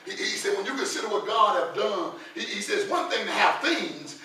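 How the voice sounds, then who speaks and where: High-voiced middle-aged pastor preaching. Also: male voice, expressive, normal speed. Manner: repeats words in stammering restarts, building to shouted peaks. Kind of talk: preaching a sermon. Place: church sanctuary with congregation. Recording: very echoey church from far off, congregation audible.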